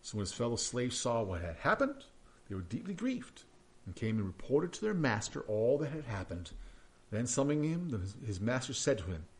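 A man preaching a sermon, reading scripture aloud and breaking into hushed, questioning asides. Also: medium pitch, normal speed. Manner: animated, swings between loud reading and hushed asides. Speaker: pastor.

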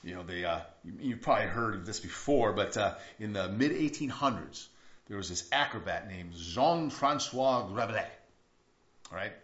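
A man preaching a sermon as pastor, telling a story emphatically and dropping to hushed tones. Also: lowish voice, animated, normal speed. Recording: echoey room, dull lo-fi sound.

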